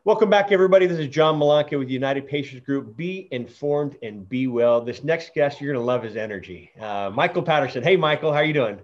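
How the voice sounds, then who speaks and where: A chatty man hosting an interview show, speaking in a halting way with many fillers and restarts. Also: mid-range voice. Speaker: show host. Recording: dull lo-fi audio.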